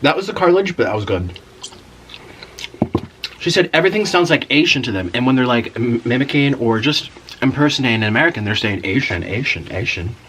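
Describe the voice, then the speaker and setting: A man's voice: medium pitch, expressive, quick pace, pauses often, a bit bright, slight background noise, rough recording. A man hosting an eating video, chatting casually and rambling while he eats and murmurs with each bite. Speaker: mukbang host.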